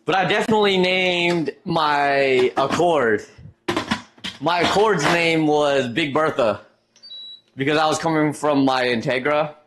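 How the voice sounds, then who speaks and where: A man's voice: fairly high pitch, unhurried, a bit bright, slight background noise. A man streaming live, chatting casually and reading out chat messages, trailing off and restarting as he goes.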